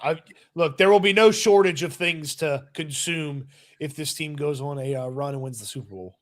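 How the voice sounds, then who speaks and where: Halting male sports co-host, higher voice. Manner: halting, restarts words, relaxed analysis. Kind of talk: casual sports talk.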